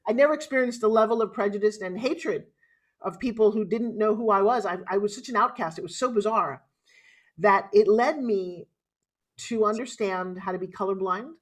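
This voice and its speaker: A woman's voice: medium pitch, normal speed. A middle-aged woman with a New York accent, a motivational speaker telling her life story as a podcast guest. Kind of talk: interview storytelling.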